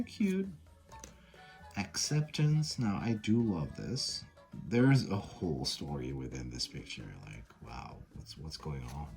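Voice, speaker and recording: A man casually reviewing a tarot and oracle deck, candid and blunt, swearing and using lots of fillers. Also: very deep voice.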